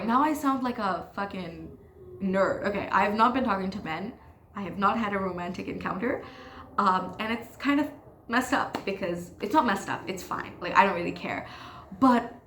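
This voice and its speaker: A woman's voice: fairly low pitch, a bit bright, roomy sound, a little hiss or hum. A teenage girl hosting her own podcast, ranting frankly and self-deprecatingly in casual talk, swearing freely. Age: teens. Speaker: podcast host. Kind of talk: casual confessional rant.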